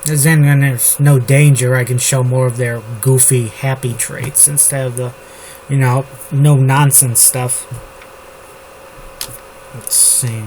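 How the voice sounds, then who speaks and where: A man writing a novel on camera, slowly reading his draft aloud and rambling about it with lots of fillers. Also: medium pitch, poor audio. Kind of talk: writing session, thinking aloud. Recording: steady background noise with keyboard typing. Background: computer keyboard typing.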